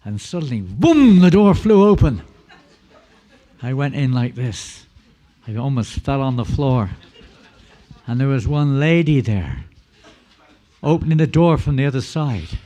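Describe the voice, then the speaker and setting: An older man from England with an English accent, telling an animated, self-mocking story to an audience. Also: medium pitch, measured pace. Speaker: guest speaker.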